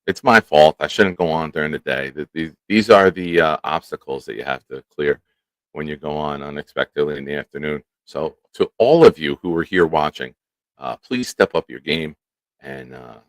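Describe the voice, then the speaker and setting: Deep-voiced male host of a live stream, lively and chatty, dry studio mic. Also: dry recording. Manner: animated, talks to chat by name. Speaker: show host. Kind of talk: casual live-stream chat. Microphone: studio microphone.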